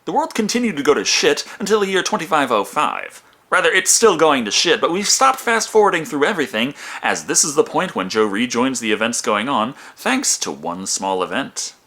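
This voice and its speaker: A male film reviewer narrates with sarcastic, wisecracking humor. His pitch leaps around in a highly animated way, and his tone is bright and forceful. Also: moderate pace.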